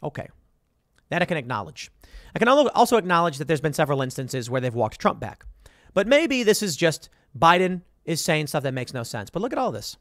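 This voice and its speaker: A man's voice: on the high side, very animated, brisk, fairly bright tone, dry recording, studio quality. A man giving political commentary, reading headlines aloud and reacting to them with sarcastic emphasis.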